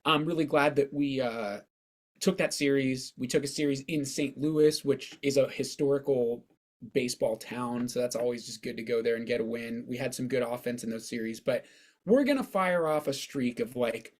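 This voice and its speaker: A man with a hoarse voice, co-hosting a podcast and giving his opinions on baseball in casual chat, rambling and restarting his sentences. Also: mid-range voice, normal speed. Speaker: podcast co-host.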